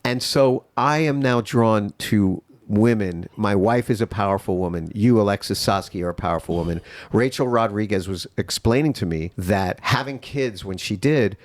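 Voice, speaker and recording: A man's voice: fairly low pitch, moderate pace, hardly any pauses, no echo. A man from New York hosting a podcast, talking in an earnest, heartfelt, rambling way. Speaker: podcast host. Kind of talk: casual interview chat.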